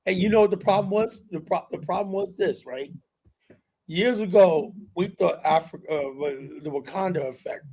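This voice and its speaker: A male podcast host with a slightly raised pitch drives a heated panel debate. He talks emphatically, argues hard and swears freely as he makes his case. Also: moderate pace, mellow, breathy edge. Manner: emphatic, argumentative, loose with profanity.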